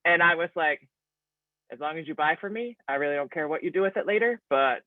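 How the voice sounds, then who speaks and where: A woman's voice: deep voice, lively intonation, brisk, no echo. A woman on a group video call, telling stories in a chatty way and laughing as she goes. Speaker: panel guest. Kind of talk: casual chat on a video call. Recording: tinny, dry phone-like sound.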